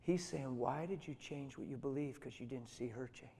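A man's voice: medium pitch, normal speed, creaky, a little hiss or hum. A middle-aged man preaching a sermon, telling a story with energy and acting out the voices of other people. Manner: animated storytelling, acts out voices. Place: large hall with long reverb. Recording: reverberant hall.

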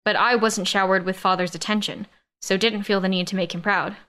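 A woman narrating a science-fiction romance audiobook in the first person, with steady, even storytelling. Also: mid-range voice, brisk, clean tone.

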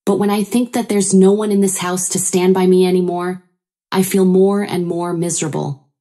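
A woman's voice: lowish voice, steady tone, normal speed, dark tone. A woman narrating a first-person story in an earnest, sorrowful way.

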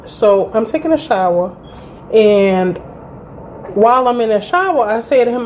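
A woman in her thirties telling a personal story to her channel in a casual, animated and profane way, acting out both sides of the conversation. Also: medium pitch, moderate pace, muffled recording, a little hiss or hum. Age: 30s. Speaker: vlogger. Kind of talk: storytime vlog.

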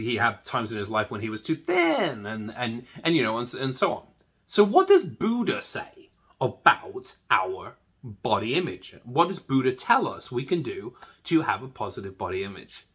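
A man with a breathy, slightly husky voice leads a guided meditation. He talks in a chatty, self-deprecating way and then eases into a slow, soft meditation voice. His pitch sits in an ordinary middle range. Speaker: meditation teacher.

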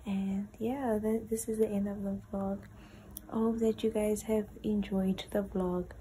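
A tired woman from South Africa talks slowly in a mellow, dark voice, often slipping into a whisper. She sounds gentle and earnest. A faint hum of her room sits behind her. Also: medium pitch, little pitch movement, low-quality recording. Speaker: vlogger. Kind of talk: soft-spoken vlog outro.

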